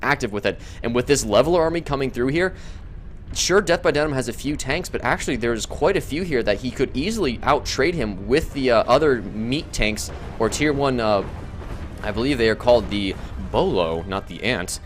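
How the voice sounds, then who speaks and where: A man casting a strategy video game match, who gets loud and excited at big moments. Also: mid-range voice, moderate pace, slight background noise. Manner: excitable, shouts and laughs at big plays. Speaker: game caster. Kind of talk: esports commentary.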